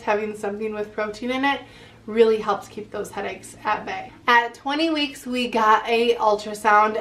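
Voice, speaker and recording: Chatty woman vlogger, short of breath. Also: a little high. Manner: chatty, lots of "like" fillers. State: short of breath while talking. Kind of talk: casual chat to camera.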